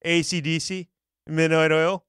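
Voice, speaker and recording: Man, high bright voice, bouncy, jokey riffing, dry close sound. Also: little pitch movement, measured pace, smooth, dry recording. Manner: jokey, reads aloud and riffs, laughs often. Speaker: co-host reading a listener's message. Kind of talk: casual comedy chat. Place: studio.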